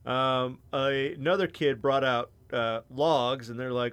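A man's voice: medium pitch, measured pace, hardly any pauses, fairly bright tone, smooth. A man hosting a podcast, casually telling a long story with lots of swearing and fillers. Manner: rambling, profane, many fillers. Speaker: podcast host.

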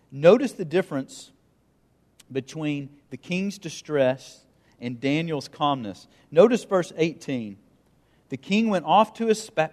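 A man preaching a sermon and reading scripture aloud, pausing for emphasis and letting his voice dip and swell. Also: a little high, in a large hall. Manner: reads scripture aloud, pauses for emphasis, dramatic dips and swells. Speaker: pastor.

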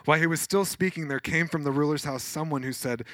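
A male pastor delivering a sermon with a bright, pointed tone. He reads scripture aloud, then talks in an easygoing, slightly snarky way and breaks into urgent acted-out scenes. The sound is close and dry, with almost no room echo. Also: fairly high pitch, quick pace, few pauses. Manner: conversational, a little snarky, acts out scenes with rising urgency.

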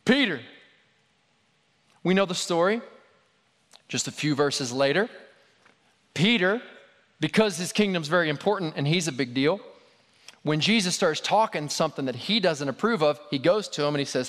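A man's voice: on the high side, animated, moderate pace, long pauses, fairly bright tone. A man preaching a sermon in a conversational, storytelling way with casual asides, in a large hall. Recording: long hall reverb.

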